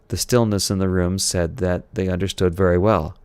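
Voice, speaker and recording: A man reading a novel aloud in steady, unhurried narration. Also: sits low, clear, resonant tone, no echo. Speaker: audiobook reader.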